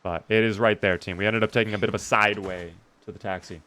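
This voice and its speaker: A man's voice: fairly low pitch, fairly even intonation, fast talker, sharp tone. A young man giving casual, swear-heavy commentary while playing a video game. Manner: swears a lot, rants when angry. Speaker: gaming streamer.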